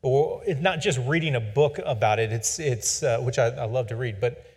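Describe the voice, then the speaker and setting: A man in his forties tells a personal story in a casual, rambling way. He pokes fun at himself in an average-pitched voice. His voice trails off into a long reverb. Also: moderate pace, a little mellow, breathy edge. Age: 40s. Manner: rambling, self-deprecating, humorous.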